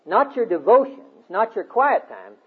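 Husky high-voiced man preaching, tinny sound. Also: very animated, unhurried. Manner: earnest exhorting preaching with storytelling. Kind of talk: sermon.

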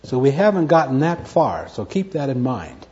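A man's voice: medium pitch, big pitch swings, normal speed, darkish tone. Emphatic male Bible teacher, lo-fi. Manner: emphatic, repeats key words, asks and answers his own questions. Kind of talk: Bible study lecture. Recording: dull lo-fi recording.

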